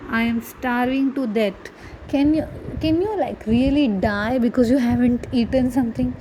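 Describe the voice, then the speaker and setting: A woman's voice: fairly high pitch, moderate pace, warm tone, a little hiss or hum, rough recording. A woman teaching a grammar lesson, patiently explaining and asking her students rhetorical questions. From India. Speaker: English teacher.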